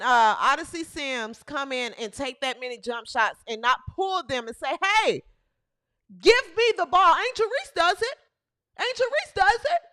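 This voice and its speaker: A woman hosting a sports talk show delivers an emphatic rant, circling back to the same phrases again and again. Her voice sits very high and bright, with a lively, swooping pitch. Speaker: host.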